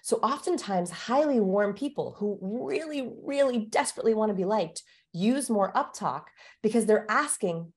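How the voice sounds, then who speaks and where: A woman's voice: medium pitch, animated, normal speed, few pauses. A woman speaking as a guest expert on a podcast, explaining and demonstrating ways of speaking in a coaching manner. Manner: coaching, demonstrates vocal exercises. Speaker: guest expert on body language. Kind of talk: instructive podcast conversation.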